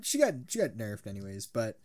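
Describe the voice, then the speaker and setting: Young man, twenties, podcast co-host, animated rambling chat, lots of laughter, casual swearing. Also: lowish voice, brisk. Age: 20s.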